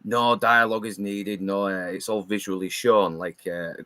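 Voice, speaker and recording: A man's voice: fairly low pitch, fairly even intonation, moderate pace, sharp tone, no echo. A man in a casual movie chat who stresses his point and repeats it.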